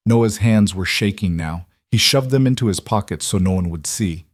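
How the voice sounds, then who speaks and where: A male narrator tells a dramatic story in a steady, scripted delivery. His voice sits low. The recording is dry and close with no room sound. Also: moderate pace, few pauses, dry recording.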